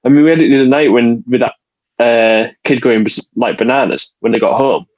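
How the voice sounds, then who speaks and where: A father speaks as a guest on a podcast, earnest and plain-spoken, with an occasional light laugh. His voice is mid-pitched, and it comes through dull and lo-fi over a remote call. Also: a little fast, a little mellow. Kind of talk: casual interview conversation.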